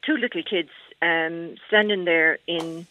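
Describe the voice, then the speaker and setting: A woman's voice: on the low side, steady tone, a little slow. An Irish woman calling in to a radio phone-in, talking hesitantly with many fillers and restarts. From Ireland. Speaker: caller. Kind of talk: phone-in call. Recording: tinny phone line.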